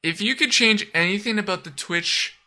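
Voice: medium pitch, moderate pace, bright, forceful tone. A young adult guest on a stream in casual chat, laid-back and slangy, swearing casually.

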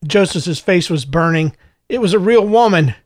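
Male storyteller, fairly high voice, dry close sound. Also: expressive, normal speed, no echo. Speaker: narrator. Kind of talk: audiobook narration.

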